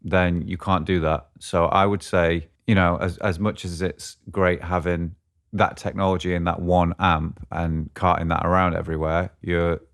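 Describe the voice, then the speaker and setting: A man's voice: sits low, flat delivery, moderate pace. A man co-hosting a podcast, chatting casually about guitar gear and often thinking aloud as he searches for words. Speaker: podcast co-host.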